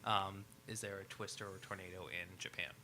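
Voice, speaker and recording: A man's voice: sits low, level tone, brisk, sharp tone, a little hiss or hum. A man playing a tabletop role-playing game, talking casually and eagerly about his character. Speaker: player.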